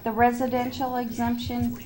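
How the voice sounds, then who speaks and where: A woman's voice: on the high side, completely flat delivery, normal speed, darkish tone. A woman who is losing her voice, a town assessor explaining things step by step at a public meeting in a town hall.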